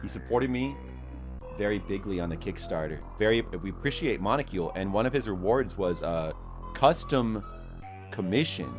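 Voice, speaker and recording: Man, low voice, very lively pitch, rambling casual stream chat, faint music behind. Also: normal speed. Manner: rambling, self-deprecating, talks to chat. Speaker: game streamer.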